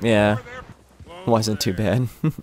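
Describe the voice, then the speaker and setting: A man's voice: lowish voice, slow pace. A young man streaming a cowboy game with a friend, giggling, joking and reading prompts aloud in casual commentary. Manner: playful, giggly, lively, reads prompts aloud. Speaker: gameplay streamer. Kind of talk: casual let's-play commentary.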